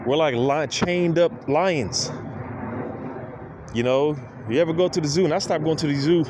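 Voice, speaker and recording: A man's voice: mid-range voice, animated, moderate pace, pauses often, noisy background. A man preaching an informal monologue, weary and full of grievance, leaning on "man" and "you know" again and again. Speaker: street preacher.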